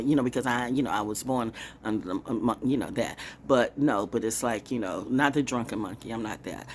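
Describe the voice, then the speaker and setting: A woman vlogging in a casual, rambling monologue, swinging from hushed asides to excited exclamations. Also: rumbling low, brisk, hardly any pauses, a little hiss or hum. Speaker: spiritual vlogger, oracle reader.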